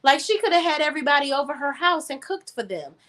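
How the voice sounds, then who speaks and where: A woman's voice: high-pitched, expressive, fast talker, a bit bright. A woman co-hosting a casual gossip chat, emphatic and sassy, tossing in "okay?" and "honey" often. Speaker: podcast co-host.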